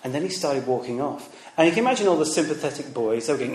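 This preacher, once a teacher, races through his sermon very fast with few pauses, his fairly high voice expressive and a little mellow. He tells stories, asks rhetorical questions, and acts out quoted voices, in an echoey room with slight background noise.

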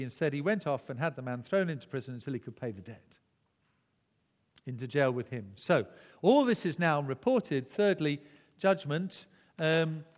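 A man preaching a sermon in a relaxed, conversational way, often restarting phrases and chuckling. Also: a little high, long reverb tail.

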